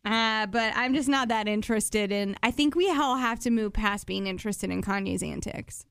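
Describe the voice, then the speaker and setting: A woman's voice: medium pitch, moderate pace, creaky, smooth, no room sound. Woman, co-host, casual pop-culture chat, wry, chatty, dry close sound. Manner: chatty, wry, frequent "like" fillers. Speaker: podcast co-host.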